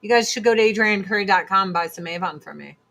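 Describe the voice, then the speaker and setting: A woman's voice: medium pitch, fast talker, creaky, sharp tone. A woman hosting a casual monologue chat, blunt and emphatic, repeating her points for force. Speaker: host.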